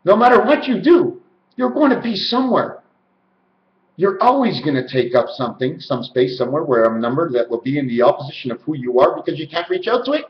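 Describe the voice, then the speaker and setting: A man's voice: a little high, expressive, brisk. A man rambling alone to the camera about numbers and letters, chanting and stretching words in a sing-song way. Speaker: video maker explaining number and letter theories. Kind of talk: rambling solo monologue. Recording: roomy, dull lo-fi home recording.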